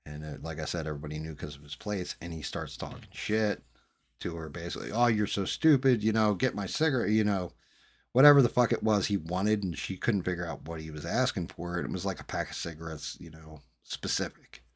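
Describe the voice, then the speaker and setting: A middle-aged New Jersey man streams and chats casually with viewers, telling rambling, profane stories. His voice is low and brisk.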